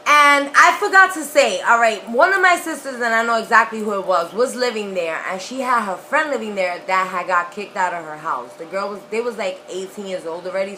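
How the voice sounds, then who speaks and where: A young woman telling a personal story in a casual, profane, animated way. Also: medium pitch, slight background noise, poor audio. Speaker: vlogger.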